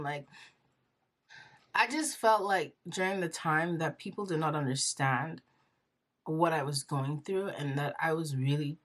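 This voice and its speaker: A young woman vlogger telling her personal story in an earnest, rambling way, full of fillers and close to tears. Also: low-pitched.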